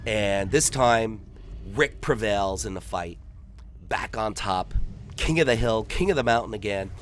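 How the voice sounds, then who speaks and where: A man's voice: on the low side, a little slow, slight background noise. A man doing gameplay commentary, telling a long rambling joke and acting out the characters in raised voices.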